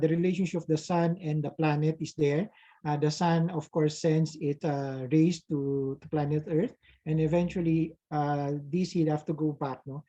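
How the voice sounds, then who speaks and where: A man's voice: fairly high pitch, a little mellow. Filipino engineer guy answering webinar questions, lots of uh and "no?", muffled call audio. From Philippines. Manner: hesitant, frequent "uh" and tag "no?". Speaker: resource speaker, engineer. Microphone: video call.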